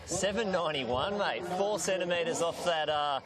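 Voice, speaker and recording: A man's voice: fairly high pitch, normal speed, over a noisy crowd. A man with an Australian accent interviewing athletes trackside, friendly and matey. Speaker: trackside reporter.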